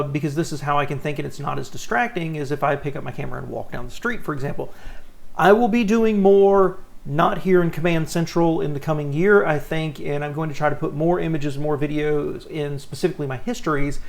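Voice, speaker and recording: A man with a fairly high voice and a gravelly edge hosts his car vlog from a home studio. He talks to the camera in an animated, sincere, casual way. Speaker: car channel host. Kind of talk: casual talking-head vlog.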